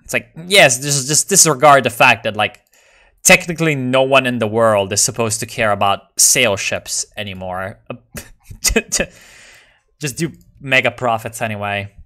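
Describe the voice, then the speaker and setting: A man chatting loosely as he plays a strategy game, his talk joking, profane and excitable. He rambles from one thought to the next in a mid-range voice. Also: mid-range voice, moderate pace. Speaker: video game player. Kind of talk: casual gameplay commentary.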